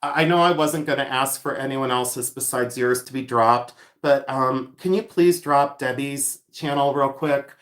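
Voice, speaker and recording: A man's voice: medium pitch, normal speed, few pauses, a bit bright. A man hosting a casual livestream, reading out viewer comments and rambling with lots of ums and laughter. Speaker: livestream host selling vintage jewelry. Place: echoey room. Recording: echoey room sound.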